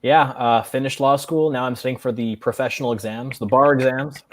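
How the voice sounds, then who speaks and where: Fast-talking young man, dry sound. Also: mid-range voice, steady tone, dry recording. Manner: quick, friendly, curious questions. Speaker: guest. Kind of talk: casual video chat.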